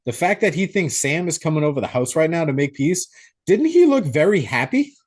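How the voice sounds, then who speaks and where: A young man co-hosting a podcast, recapping a horror movie in a profane, animated way. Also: on the high side, a little fast. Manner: profane, animated storytelling with acted-out quotes. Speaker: podcast co-host. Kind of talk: casual movie recap chat.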